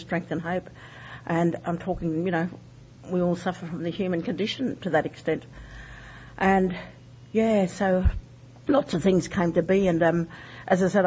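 A woman's voice: fairly low pitch, darkish tone. A woman sharing her recovery story in a candid, rambling way, full of fillers. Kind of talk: personal testimony. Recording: dull lo-fi recording with faint noise.

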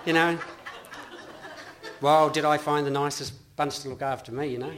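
A man's voice: on the high side, steady tone, normal speed, a bit bright, slight background noise. Earnest Australian man sharing his story. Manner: earnest, rambling, with frequent restarts and laughs. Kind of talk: personal testimony talk.

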